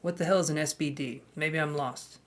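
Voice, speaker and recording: A man's voice: on the high side, a little fast. A man hosting a live tarot stream in casual chat, greeting viewers by name, handing out queue numbers and cracking jokes.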